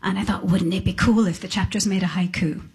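A woman's voice: mid-range voice, steady tone, breathy edge. A middle-aged woman musician, talking thoughtfully on stage in an interview, with frequent restarts. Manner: thoughtful, halting restarts, soft laughs. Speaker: musician guest. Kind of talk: reflective interview talk. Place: on stage before an audience.

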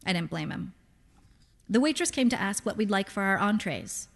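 A woman's voice: mid-range voice, animated, moderate pace. Woman reading fiction with hall reverb. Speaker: narrator.

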